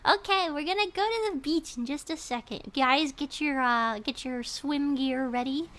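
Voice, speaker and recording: A woman's voice: sits high, normal speed, fairly bright tone. A young woman streamer chatting casually with her viewers, giggly and nervous, repeating her greetings. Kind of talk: casual livestream chat.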